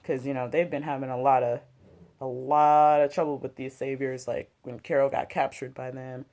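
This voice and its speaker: A host with a mid-range, slightly mellow voice speaks at normal speed with a flat delivery. Reviewing a TV episode at home while smoking and drinking, the talk is casual and slangy, full of "like" and "you know" plus some swearing.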